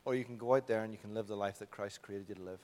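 A man's voice: lowish voice, fairly even intonation, very fast. Irish male preacher, impassioned sermon, reverberant hall sound. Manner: impassioned, builds to loud peaks then drops soft. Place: church hall.

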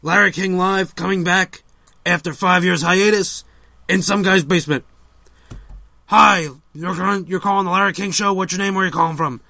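A man doing an impression of an older male call-in radio host, slow and drawling, handing out random advice. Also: high voice, fairly even intonation, creaky, pushed and bright, dry recording, exaggerated voice. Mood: droning. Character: older male talk-show host, rambling. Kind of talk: comedic impression sketch.

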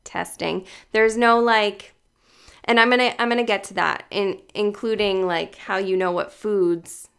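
A woman's voice: mid-range voice, fairly even intonation, unhurried, gravelly, a bit bright, clear, resonant tone. A woman talking casually as a health coach on a livestream, chatty and full of "like" and "you guys", greeting viewers by name as they join.

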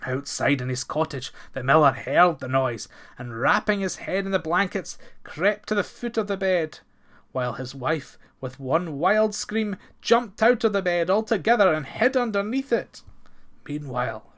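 Bright-voiced male folktale reader. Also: on the high side. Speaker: narrator. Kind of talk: storybook folktale reading.

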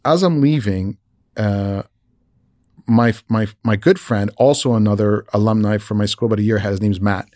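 A man telling a casual career anecdote in an animated way, often repeating and restarting words and acting out what others said. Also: lowish voice, normal speed, dry recording, studio quality. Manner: animated, re-enacts dialogue, frequent repeats and restarts. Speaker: visual effects artist telling a career story.

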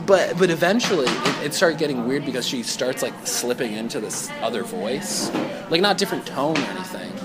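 A man casually telling a long story, rambling with lots of "like" and "you know" and frequent laughs. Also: mid-range voice. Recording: loud music behind the voice.

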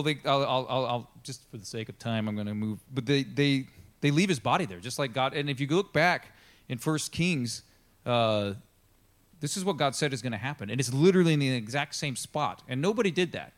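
A pastor telling a Bible story in a casual, chatty sermon. He is animated and acts out the characters in the story. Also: medium pitch, a little fast. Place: church.

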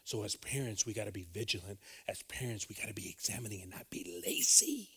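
A man's voice: lowish voice, fast, sharp tone, breathy edge. A man preaching a sermon in an earnest, emphatic way, repeating phrases for weight.

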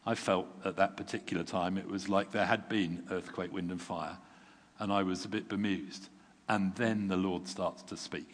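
A man preaching a sermon in a relaxed, conversational way, self-deprecating and chuckling now and then, sounding tired. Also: deep voice, normal speed. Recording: long reverb from a large hall.

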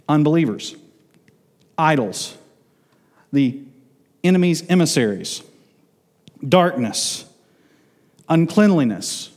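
A man preaching an expository sermon, emphatic and repeating words for emphasis, slowing down on key phrases. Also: fairly high pitch, big pitch swings, darkish tone. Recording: long reverb in a large hall.

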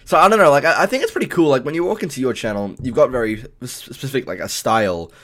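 A man's voice: mid-range voice, animated, fast, a bit bright. An Australian man hosting a podcast, talking in a rambling, casual way full of fillers and swearing. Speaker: podcast host and streamer. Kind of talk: casual chat.

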